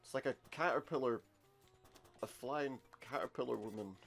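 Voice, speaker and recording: This man has a creaky, mid-range voice and keeps a moderate pace while playing a retro game. His let's-play chatter is casual and wry, with jokey remarks muttered under his breath as game music plays.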